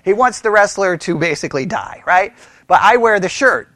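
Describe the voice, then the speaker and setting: A man leading a Bible study, animated, laughing often and asking the group rhetorical questions. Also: high voice, normal speed, no echo.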